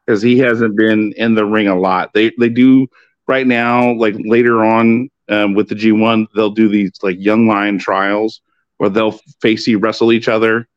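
A man's voice: on the low side, no echo, dull audio. A man joining a casual wrestling chat who explains things in a laid-back, profane way. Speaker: podcast guest on wrestling.

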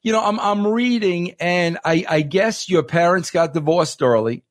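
A man's voice: high voice, moderate pace. A man hosting an interview, enthusiastic and full of stammering restarts. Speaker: interview host. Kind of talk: casual interview chat.

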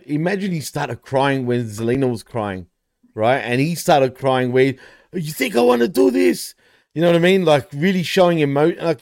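A man's voice: fairly high pitch, no echo, clean studio sound. A man co-hosting a casual wrestling podcast, joking and teasing as he talks. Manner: joking, teasing, laughs often. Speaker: podcast co-host.

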